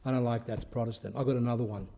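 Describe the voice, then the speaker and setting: Speaking rapid-fire in a steady, mellow, creaky voice of medium pitch, a male Orthodox priest delivers a casual spiritual talk in a storytelling style. Rhetorical questions and recurring phrases run through it.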